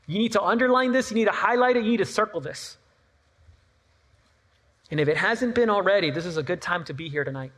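A man with a high-pitched voice preaching a sermon at a church service. He talks in a loose, conversational way, repeating his points and tossing in playful asides. The sound rings with the long reverb of a large hall. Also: lively intonation, a little fast, pauses often, fairly bright tone. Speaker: pastor.

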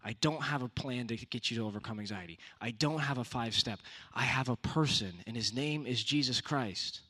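A man's voice: medium pitch, a little fast, pushed and bright. A young man giving a casual youth sermon, conversational with punchy repeated exhortations. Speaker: youth speaker.

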